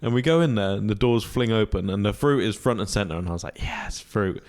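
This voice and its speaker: Low-voiced man, casual storytelling. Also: quick pace. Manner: relaxed storytelling, swears freely. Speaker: podcast co-host. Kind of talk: casual chat.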